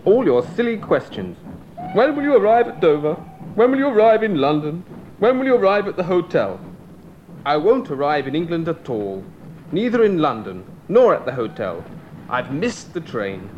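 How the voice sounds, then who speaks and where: An exasperated, high-voiced traveler. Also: male voice, sing-song, moderate pace. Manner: exasperated, sarcastic. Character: impatient male traveler. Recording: dull lo-fi tape with faint hiss.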